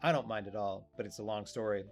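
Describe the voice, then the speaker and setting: A man's voice: lowish voice, quick pace, faint music behind, pitched below the performer's own voice, natural voice. A man reading a flippant young swordsman. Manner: laid-back, flippant.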